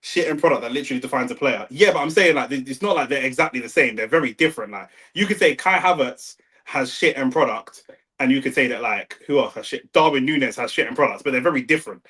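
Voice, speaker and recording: A young man with a London accent, talking slangy and excitable over a live football match and arguing with his chat. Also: mid-range voice, fast. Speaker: watch-along streamer. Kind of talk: live football watch-along commentary.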